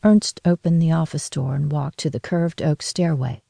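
A woman narrating a story in a steady, measured reading voice. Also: low-pitched, creaky, no echo.

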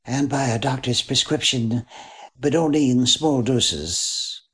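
A narrator voicing a gentle female police officer with a calm, soothing manner. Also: a bass voice, slow, husky, pitched above the performer's own voice, exaggerated voice.

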